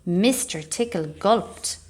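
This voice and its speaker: Woman reading a children's story. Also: mid-range voice. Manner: expressive, measured storybook pacing. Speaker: library storyteller.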